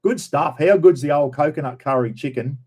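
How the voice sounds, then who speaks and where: Reading out viewer names in a casual live chat, a middle-aged man with an Australian accent greets his audience, rambles, repeats himself, and says "everyone" and "bloody." His voice is on the high side, a little fast, a little mellow, and slightly rough.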